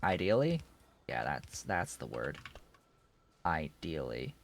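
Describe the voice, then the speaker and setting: A man's voice: fairly low pitch, animated, slow, fairly bright tone, a little hiss or hum. A man streaming a game, thinking aloud in a rambling way with many restarts. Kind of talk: casual live-stream commentary while playing.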